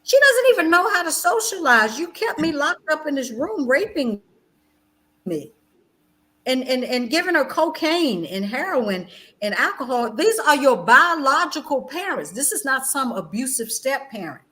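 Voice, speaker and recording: A woman's voice: very animated, a little slow. Emphatic middle-aged woman on a video call. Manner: emphatic, swings between loud outbursts and low, quiet passages; repetitive, insistent phrasing. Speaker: guest, educator and former chaplain. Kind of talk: passionate conversational storytelling.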